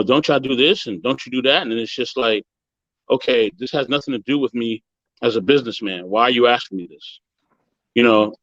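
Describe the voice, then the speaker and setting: A man on a video call earnestly recounting a hurtful experience, emotional and halting, often saying "you know". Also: mid-range voice, fairly bright tone, no echo, dull audio. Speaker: guest sharing a story. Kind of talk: personal story on a video call.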